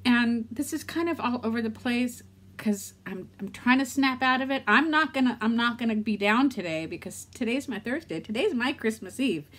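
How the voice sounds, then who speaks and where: A woman's voice: fairly high pitch, lively intonation, normal speed, fairly bright tone. A middle-aged woman speaks candidly to her vlog viewers. Her talk rambles from thought to thought as she coaches herself along. She sounds close to tears. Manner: candid, rambling and self-talking. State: emotional, near tears. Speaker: vlogger.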